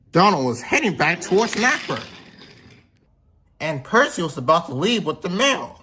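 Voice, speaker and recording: A man's voice: high-pitched, big pitch swings, moderate pace, bright, forceful tone, husky. A man narrating a toy train story in a plain, rambling way with slips.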